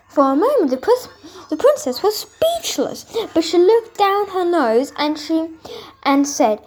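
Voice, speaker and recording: A woman reads a fairy tale aloud in a high, bright-sounding voice. Her pitch swoops up and down expressively. She trips over words and restarts, unrehearsed. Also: big pitch swings, a little slow, poor audio. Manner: unpolished read-aloud with slips and restarts. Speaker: storyteller.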